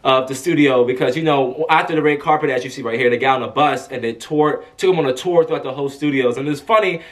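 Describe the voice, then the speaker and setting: A young man telling a casual story to camera as a vlogger, animated and chatty, acting out what people said. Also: medium pitch, fast talker. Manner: animated, chatty, acts out quotes in a raised voice. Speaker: vlogger and press escort.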